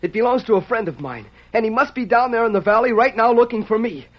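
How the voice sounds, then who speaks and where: A man's voice: very high voice, fast talker. An actor playing an earnest young male captive, urgent and eager, in 1940s radio acting style. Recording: dull hissy old radio recording.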